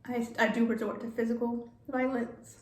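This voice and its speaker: A woman telling a personal story in a vlog, halting and repeating words, getting emotional. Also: on the high side, flat delivery, roomy sound. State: emotional, near tears. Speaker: vlogger.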